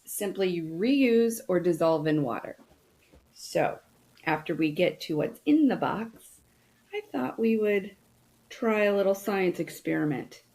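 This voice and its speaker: Middle-aged woman host for an unboxing chat: unhurried, chatty, talks straight to viewers. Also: lowish voice, gravelly, slight background noise, rough recording. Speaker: host reviewing products.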